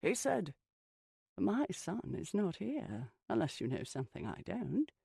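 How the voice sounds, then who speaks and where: A young Scottish stable hand, fretful and exasperated, scolds in a husky voice with a lively rise and fall, as an audiobook reader puts him on. His gravelly tone has a Scottish accent throughout. It is recorded close and dry. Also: medium pitch, unhurried, dry recording, exaggerated voice.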